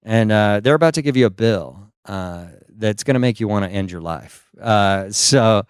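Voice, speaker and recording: Guy comic rambling thru a story, lowish smooth voice, dry close mic. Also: lively intonation, normal speed, no echo. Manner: rambling, self-deprecating, full of "uh" asides. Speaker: stand-up comedian. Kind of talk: stand-up storytelling.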